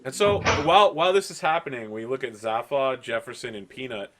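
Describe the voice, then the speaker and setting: A man narrating and improvising as game master of a tabletop game, rambling and animated. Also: medium pitch, a little fast, slight background noise.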